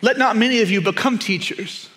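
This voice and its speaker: A man preaching a sermon, emphatic and repetitive, often dropping to a hushed, intense tone. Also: high-pitched, fairly quick. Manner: emphatic, repeats key phrases, drops to hushed intensity.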